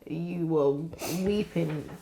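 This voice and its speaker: Lower-voiced woman, supportive podcast co-host, earnest and affirming. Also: very slow, warm tone, slight background noise. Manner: reassuring, earnest, frequent affirming murmurs. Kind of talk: supportive conversational chat.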